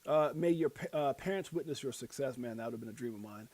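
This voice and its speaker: A man's voice: mid-range voice, lively intonation, fast talker, a little mellow, no room sound. A man hosting a casual live stream, rambling and self-deprecating, using slang as he reads quotes and headlines. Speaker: livestream host.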